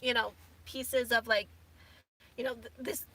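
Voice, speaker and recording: A woman's voice: a little high, steady tone, measured pace, pushed and bright, breathy edge. A woman in her thirties, rambling casually with many fillers as a vlogger from inside her camper van. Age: 30s. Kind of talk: casual chat.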